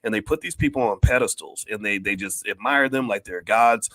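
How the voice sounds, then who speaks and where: A man's voice: lowish voice, fairly quick, a bit bright, no room sound. An older man giving emphatic, preachy livestream commentary as a finance educator, often repeating himself.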